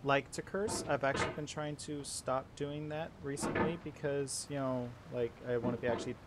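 A man's voice: mid-range voice, steady tone, normal speed. A young man giving gameplay commentary, frustrated and repeating reassurances to himself. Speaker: gaming YouTuber. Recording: loud background noise.

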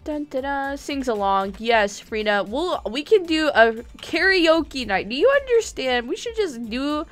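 A woman with a high voice chats her way through a live game stream. She giggles, calls out to friends and apologizes in an excitable way, but she talks at an unhurried pace over faint game music. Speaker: gaming livestreamer. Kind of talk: live gameplay chatter.

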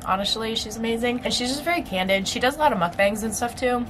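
A woman's voice: fairly high pitch, fast, a bit bright, slight background noise, low-quality recording. A young woman vlogging in a casual, chatty way, with plenty of filler words and laughs. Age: young adult. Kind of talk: casual chat.

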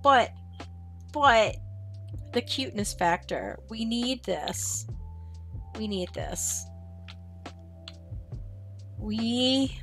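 A woman's voice: mid-range voice, animated, extremely slow, creaky, pauses often, soft background music. A woman streamer casually commenting on her gameplay, chatting to her game characters and her viewers.

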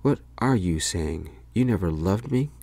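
A man's voice: low voice, lively intonation, unhurried, creaky, a little mellow, no echo, heavily acted. A man voicing a drunk, pushy ex-boyfriend who belittles his ex, in whispered role-play. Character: drunk, clingy, insulting male ex-boyfriend.

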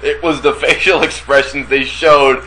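Blunt, profane high-voiced man. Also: steady tone, normal speed, sharp tone, a little hiss or hum, rough recording. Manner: blunt, profane, argumentative, mimics people. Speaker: radio show co-host. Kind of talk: casual wrestling talk.

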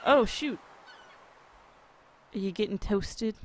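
Woman, let's play commentary, joking, swears, slow pace, mid pitch. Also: slight background noise. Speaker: gamer.

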